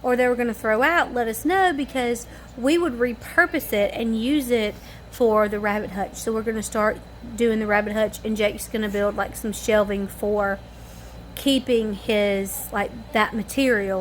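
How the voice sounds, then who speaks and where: A woman's voice: mid-range voice, fairly even intonation, normal speed, slight background noise. A tired woman chatting casually to camera at home in the evening, rambling in a homespun way. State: tired and yawning. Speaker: family vlogger.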